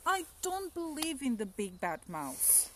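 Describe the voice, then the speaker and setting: A woman doing a bold young gruffalo girl. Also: unhurried, a little hiss or hum. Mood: curious. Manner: high, excited, wondering. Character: young female gruffalo child, bold and curious.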